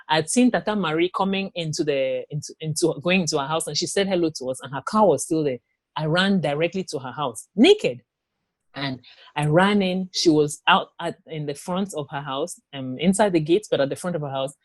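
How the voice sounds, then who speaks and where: A woman guest and author telling her own story in an interview, animated, often acting out what others said. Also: deep voice, fairly quick, no room sound, clean studio sound. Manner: animated, acts out quoted speech.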